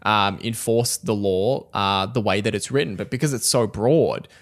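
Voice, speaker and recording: A man co-hosting a casual podcast, explaining in a measured way with frequent fillers. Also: fairly low pitch. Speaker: podcast co-host.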